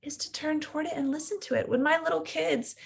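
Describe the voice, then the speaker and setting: A woman's voice: sits high, fairly even intonation, fast talker, vocal fry, heavy background noise. A woman in her thirties, a coach giving an earnest, reflective teaching talk and sometimes acting out the inner voice of fear.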